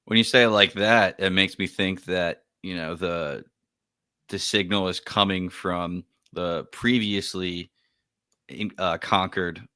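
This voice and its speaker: A man with a very low voice co-hosting a TV podcast. He rambles easily and fills his talk with "like" and "you know". The recording is dry. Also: slow, no echo. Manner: relaxed, rambling, many fillers. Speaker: podcast co-host. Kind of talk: casual podcast chat.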